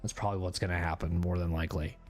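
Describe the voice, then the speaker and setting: A man's voice: low-pitched, level tone, very fast. Rambling self-deprecating man streamer. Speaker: gaming streamer. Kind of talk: casual live-stream chat. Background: faint background music.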